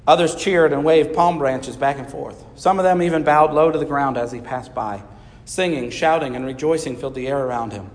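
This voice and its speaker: A man reading aloud a children's Bible story with measured, steady storybook pacing. His voice sits at a middle pitch for a man. It rings out with a long hall reverb.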